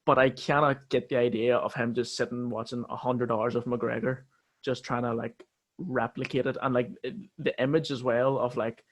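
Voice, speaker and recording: A man's voice: medium pitch, level tone, normal speed. A man hosting a casual podcast interview, laid-back and easygoing. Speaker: podcast host.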